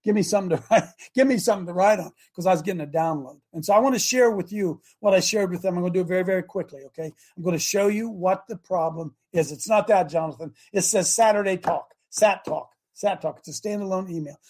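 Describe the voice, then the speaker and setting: Fiery high-voiced male talk host. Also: quick pace, hardly any pauses. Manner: impassioned, repetitive, shouting at times. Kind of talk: fiery call-in talk show rant. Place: studio in Ohio.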